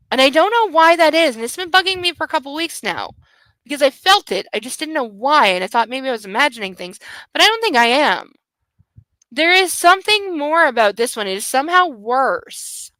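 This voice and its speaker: A woman's voice: on the high side, bright, forceful tone, dry recording, poor audio. A tired woman hosting a book club show in casual chat, rambling and candid, swearing freely.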